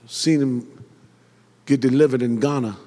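A man's voice: mid-range voice, steady tone, unhurried, dark tone. A man preaching a sermon as pastor, building up to hollering peaks and calling on the congregation to answer. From Detroit. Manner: preaching in rising, hollering build-ups with call-and-response. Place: church sanctuary. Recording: reverberant church hall.

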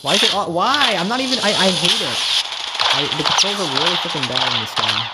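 A young man giving excitable, profanity-filled commentary while playing a mobile game. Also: sits high, fast talker. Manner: excitable, cursing, complaining. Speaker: gamer. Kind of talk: casual gameplay commentary. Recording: loud background noise.

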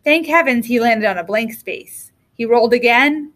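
Teacher reading a picture book aloud to children, clear and expressive, a bit high. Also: female voice, moderate pace, few pauses. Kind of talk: storybook reading.

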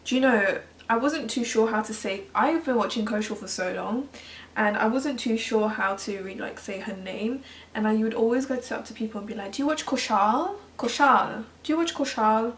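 A young woman vlogs her makeup, chatting casually and commenting on a tutorial video as she goes. Her voice runs on the high side and she speaks fairly quickly. The room is echoey, the mic distant, and there's faint noise.

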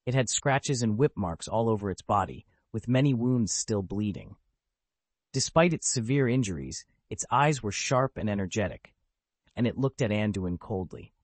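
A man's voice: on the low side, animated, normal speed, no echo. A man narrating a web novel as an audiobook, telling the story steadily.

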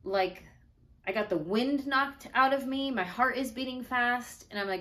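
Pregnant woman, vlog storyteller, mid-pitch voice, lively delivery that acts out quotes. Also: unhurried. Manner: animated, acts out her own and others' quoted lines. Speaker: vlogger telling her own story. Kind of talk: casual storytelling.

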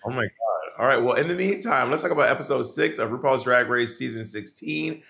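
A man's voice: mid-range voice, fairly quick, gravelly, sharp tone. A man co-hosting a casual podcast recap over a video call, playful and sassy in a teasing way. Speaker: podcast co-host. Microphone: remote video call mic.

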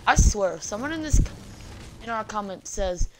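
A woman narrates her gameplay in a goofy, joking way, playfully teasing her viewers. Her voice sits at an ordinary middle pitch. A faint hiss runs under it. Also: expressive, normal speed, long pauses. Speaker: gaming channel host. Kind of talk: let's-play gameplay commentary.

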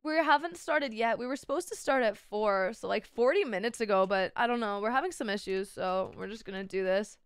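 A woman's voice: fairly high pitch, fairly quick, few pauses, clear, resonant tone, no echo, studio quality. A young woman streaming a game while sick, playful and swearing a lot, calling her viewers darlings. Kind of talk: casual gaming stream chat.

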